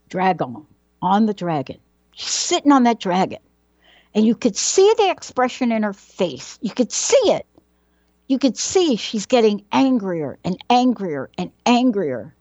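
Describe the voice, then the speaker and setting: A woman's voice: medium pitch, no room sound, highs cut off. Woman telling a dramatic personal story. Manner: dramatic, building suspense with questions and repetition.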